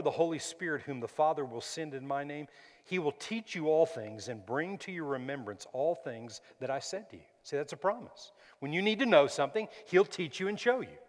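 A man preaching a sermon as pastor, calling out "Amen?" and rising to sudden loud, emphatic peaks. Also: mid-range voice, long reverb tail.

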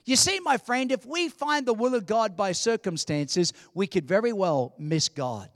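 A man in his sixties preaching a sermon in church, animated and humorous, with emphatic delivery. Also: sits high, normal speed, no echo, clean studio sound. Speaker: pastor.

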